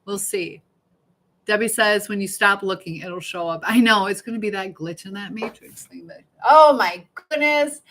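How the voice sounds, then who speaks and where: Woman host, chatty and easygoing, mid-pitched, reading comments aloud on a home live stream. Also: fairly bright tone, rough recording. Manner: chatty, reads viewer comments aloud, laughs often. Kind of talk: casual live-stream chat.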